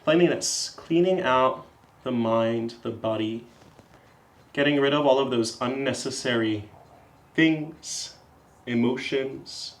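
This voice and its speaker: Calm man guiding a yoga flow. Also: medium pitch, roomy sound. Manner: calm, encouraging step-by-step cues. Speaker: yoga instructor. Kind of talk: guided yoga class.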